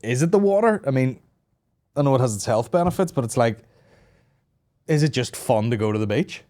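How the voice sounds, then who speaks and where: This podcast host, a Northern Irish man in his thirties, speaks with a warm tone, lively intonation and a mid-range voice at a slightly fast pace. He hosts a comedy podcast full of loose, rambling, profane talk, laughing between riffs.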